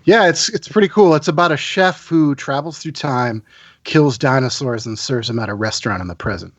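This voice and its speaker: A man's voice: medium pitch, a little fast, no room sound, muffled recording. A man in his forties from central New York, talking as a podcast guest. He is eager and chatty and tells stories easily, and his voice sounds dry and close to the mic. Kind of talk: casual chat.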